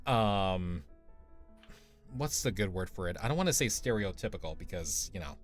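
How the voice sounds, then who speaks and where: A man chatting casually on a live stream, laid-back and hesitant, often pausing on fillers and laughing easily. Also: sits low, lively intonation, soft background music. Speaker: streamer co-host. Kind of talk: casual chat.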